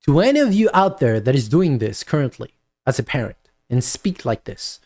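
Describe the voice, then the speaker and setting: A man giving a spoken video lecture with advice for parents, talking deliberately and repeating his points for emphasis. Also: medium pitch, big pitch swings, a little mellow.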